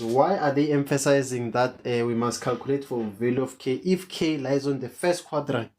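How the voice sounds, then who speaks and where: A maths tutor, teaching an online lesson and repeating each question to coax answers from students. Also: mid-range voice.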